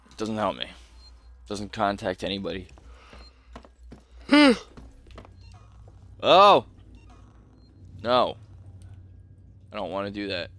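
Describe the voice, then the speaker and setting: A man's voice: fairly low pitch, steady tone, brisk, fairly bright tone, a little hiss or hum. A hungover man streaming a horror game live, muttering frustrated questions to himself as he plays. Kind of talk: live gameplay commentary.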